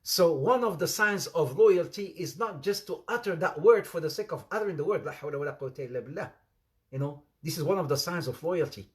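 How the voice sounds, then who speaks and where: A fast-talking Islamic preacher with a high voice gives an informal, humorous sermon in an animated storytelling style. He blends English with Arabic phrases, dramatizes the voices of people he quotes, and laughs at his own stories.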